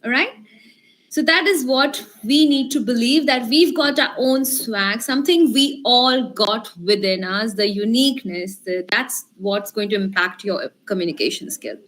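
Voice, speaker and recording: A woman's voice: on the high side, unhurried, a bit bright. A woman leading an online workshop, encouraging the group and asking them questions. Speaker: communication skills trainer. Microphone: video call.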